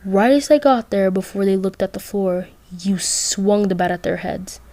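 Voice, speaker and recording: A woman's voice: mid-range voice, normal speed, warm tone, dry recording. A young woman casually telling a listener role-play story, rambling with asides.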